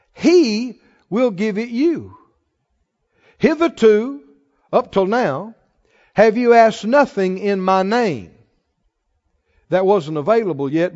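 A man's voice: high-pitched, a little mellow. A man preaching a sermon to a congregation, leading call-and-response and asking rising questions. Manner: rising, exhorting rhetorical questions. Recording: long hall reverb, dull lo-fi sound.

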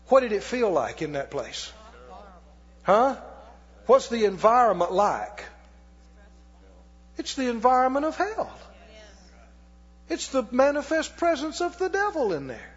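A man's voice: sits high, breathy edge. A male pastor preaching a sermon, emphatic and questioning his congregation. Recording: dull echoey hall recording.

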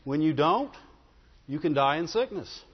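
A man preaching a sermon in an animated way, often asking the congregation questions. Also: a little high, unhurried, husky. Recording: dull sound with long hall reverb.

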